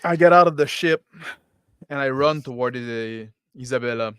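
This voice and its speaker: Male player, smooth clear tone, dry close mic, loose delivery. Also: mid-range voice, moderate pace, bright, forceful tone, no room sound. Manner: casual, filler-heavy with like. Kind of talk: in-character tabletop play.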